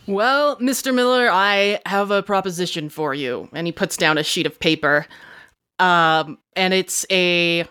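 A woman's voice: on the low side, sharp tone, clear, resonant tone. A woman setting scenes and playing a character in a tabletop role-play game, in a playful, laughing way. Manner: playful, laughing, quick storytelling. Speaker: game facilitator and player.

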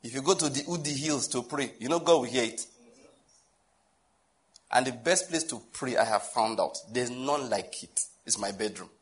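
This male Nigerian preacher, with a mid-range voice at normal speed, keeps his sermon chatty and full of humor. He regularly asks his audience questions.

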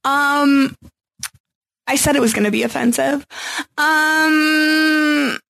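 A woman's voice: high-pitched, little pitch movement, slow, gravelly, a bit bright. A woman from the United States co-hosting a podcast, chatting casually with dry, sarcastic jokes. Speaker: podcast co-host. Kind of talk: casual chat recapping a reality show.

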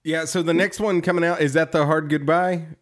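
A man's voice: a little high, steady tone, a little fast. A man co-hosting a podcast in casual chat, joking around, laughing often and swearing. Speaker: podcast co-host.

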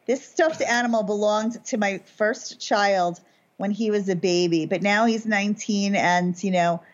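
A woman in her forties co-hosting a local talk show, playful and self-mocking with quick asides. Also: mid-range voice. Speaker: podcast co-host. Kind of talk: casual chat. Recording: slightly dull lo-fi audio.

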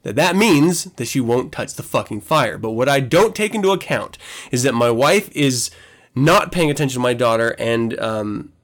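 A podcast host spins a story casually and with animation, swearing and laughing along the way. He speaks at medium pitch and a moderate pace.

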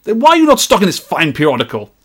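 A haughty Victorian gentleman berating a shop clerk, as a podcast host puts him on. High, loud and theatrical, the voice swings widely and carries a husky edge. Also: huge pitch swings, racing, exaggerated voice. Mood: indignant. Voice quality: haughty, booming, affected posh. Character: pompous Victorian gentleman shopper, indignant.

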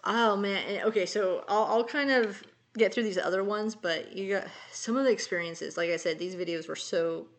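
A woman's voice: medium pitch, normal speed, hardly any pauses. A woman co-hosting a casual chat, retelling a story in a rambling way full of fillers. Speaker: podcast co-host.

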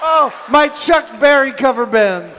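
Wry high-voiced man, noisy live mic. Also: animated, crowd noise. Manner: wry, quick comebacks. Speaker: band member. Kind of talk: live stage banter.

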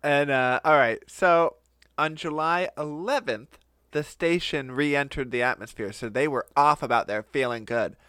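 A man's voice: medium pitch, a little slow, fairly bright tone, smooth, no echo. A man co-hosting a podcast, telling a story in casual comedic chat, laughing often and putting on goofy voices. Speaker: podcast co-host.

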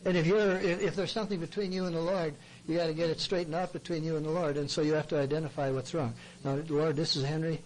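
A man's voice: a little high, fairly even intonation, fast, hardly any pauses, darkish tone, slight background noise, low-quality recording. A man speaking as a Christian counselor, giving a plain-spoken, earnest sermon talk in a folksy way. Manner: earnest, folksy, acts out what people say to him.

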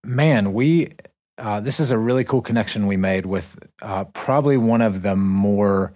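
Young guy co-hosting a podcast, lowish voice, rambly and loose. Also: moderate pace. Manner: relaxed, rambling with fillers and restarts. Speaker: podcast co-host. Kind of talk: casual chat. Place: living in the North Caucasus.

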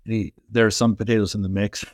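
A man's voice: lowish voice, fast, dry recording, clean studio sound. A man in his forties, a former hockey player and coach, telling personal stories with enthusiasm and frequent "like"s. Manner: enthusiastic, animated, says "like" often. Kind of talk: energetic storytelling in conversation.

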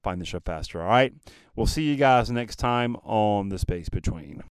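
A man's voice: fairly low pitch, expressive, normal speed, very noisy. A man hosting his own podcast, telling a personal story in an earnest, emphatic monologue and speaking straight to his listeners. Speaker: podcast host.

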